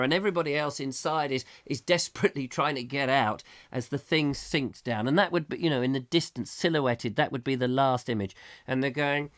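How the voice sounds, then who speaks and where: A man's voice: on the high side, a bit bright. A man, hosting a live comic chat show and telling a meandering story full of restarts. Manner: meandering, with many restarts, acting out scenes. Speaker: host.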